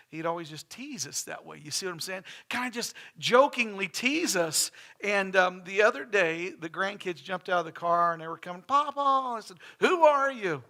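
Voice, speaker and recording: A middle-aged man preaches a sermon in a church, his voice pitched high and ringing bright. He talks in a folksy, conversational way, full of restarts and asides to the congregation. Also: moderate pace. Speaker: pastor. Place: church sanctuary.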